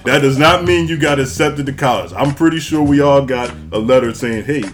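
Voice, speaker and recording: A man's voice: medium pitch, fairly quick, faint music behind. A man hosting a casual podcast, telling teasing stories in a boisterous way. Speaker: podcast host.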